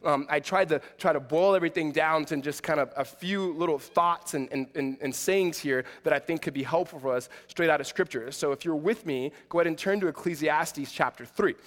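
A man in his forties delivers a sermon with a high voice. He talks in a casual, self-deprecating way, then presses his points with emphasis. A long hall reverb trails behind every phrase. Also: fairly quick, hardly any pauses. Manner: conversational and self-deprecating, building to emphatic passages. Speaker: pastor.

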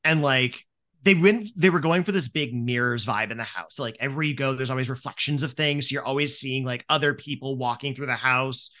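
A man's voice: mid-range voice, fairly quick, pushed and bright. A man narrating as game master in a casual, rambling way, full of fillers.

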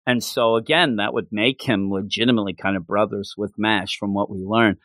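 A man co-hosting a casual chat, animated and excitable, slipping into quoted voices. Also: on the low side, a little fast, dry recording, clean studio sound. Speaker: podcast co-host.

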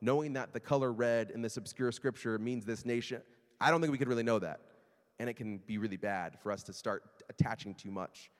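A man preaching a sermon in a conversational, animated way, sometimes acting out quoted voices. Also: fairly low pitch, big-room sound. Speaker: pastor.

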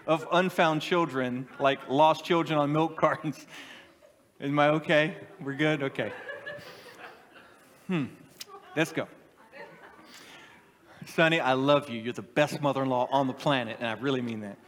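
A middle-aged male pastor with a high voice delivers a lively, joking sermon. He talks to his congregation and teases them. His words ring out with a long hall reverb. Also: unhurried, long pauses. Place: church sanctuary with a congregation.

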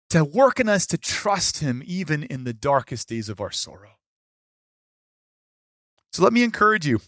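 High-voiced pastor preaching with animated emphasis. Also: male voice, no room sound, clean studio sound. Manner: animated, shifts between loud emphasis and quiet asides. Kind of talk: sermon.

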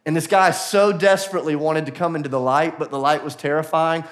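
A man preaching a sermon to a church congregation, earnest and building to animated emphasis, with quick acted-out asides. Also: a little high. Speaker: pastor. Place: church auditorium.

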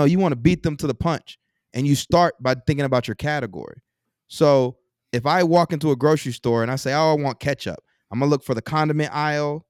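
A man's voice: fairly high pitch, no echo, studio quality. A man from Texas, a podcast guest explaining business ideas with examples and rhetorical questions in a casual interview.

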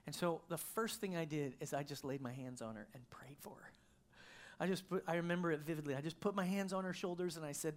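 A man's voice: on the high side, quick pace. A middle-aged male pastor preaching a sermon, telling a personal story in a conversational way with frequent restarts.

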